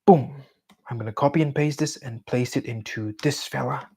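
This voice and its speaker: A young man with a fairly quick, creaky, slightly rough mid-range voice talks to himself while coding on camera for a vlog. As he types, he mumbles and hums filler sounds in casual self-talk.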